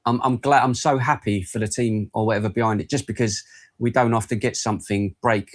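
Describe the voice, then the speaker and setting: A man co-hosting a horror podcast, talking excitably with lots of restarts and swearing. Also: fairly low pitch, brisk. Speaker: podcast co-host. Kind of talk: casual podcast chat.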